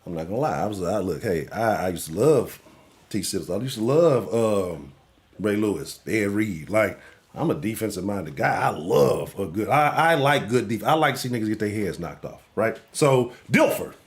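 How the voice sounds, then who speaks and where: A man hosting a live sports talk show, ranting in a profane, animated way and swinging between loud outbursts and low mutters. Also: moderate pace. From Houston.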